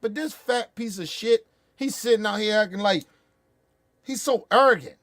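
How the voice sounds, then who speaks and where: A man's voice: sits high, normal speed, a bit bright, dry recording. A man hosting a show, ranting about politics in a heated, profane way with angry bursts. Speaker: show host.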